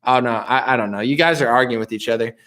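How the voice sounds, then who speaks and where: A man's voice: mid-range voice, quick pace, a bit bright. A man hosting a casual political live stream, reading viewer comments aloud and answering them in a loose, rambling way with frequent restarts and dismissive asides.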